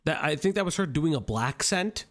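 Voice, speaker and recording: A man's voice: on the high side, lively intonation, normal speed, fairly bright tone. A man with an Italian American accent doing reaction commentary, profane and mocking. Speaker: commentary streamer.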